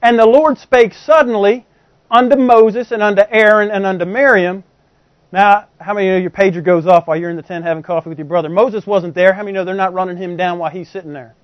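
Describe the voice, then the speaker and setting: A man's voice: high-pitched, fairly even intonation, quick pace, no room sound. A man preaching a sermon in a conversational way, constantly asking the congregation rhetorical questions. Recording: dull, dry lo-fi recording.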